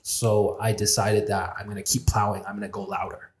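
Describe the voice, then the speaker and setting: A man's voice: on the low side, flat delivery, fairly quick. A man, a podcast guest, telling a candid personal story in a reflective way, swearing freely and acting out his own inner voices. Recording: roomy echo.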